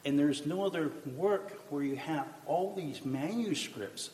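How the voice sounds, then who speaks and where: A man's voice: a little high, measured pace, darkish tone. A man joining a Christian talk discussion, making emphatic points with rhetorical questions. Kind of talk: faith discussion. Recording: echoey room with faint noise.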